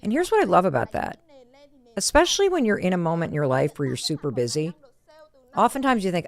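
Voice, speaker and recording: A woman hosting her podcast in a casual monologue. Her voice sits a little on the low side, and she speaks earnestly and from the heart, often in quick bursts. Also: big pitch swings. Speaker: podcast host.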